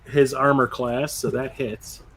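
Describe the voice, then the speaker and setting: A man narrating as game master of a tabletop game, laid-back and quick to laugh. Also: medium pitch, flat delivery, a bit bright.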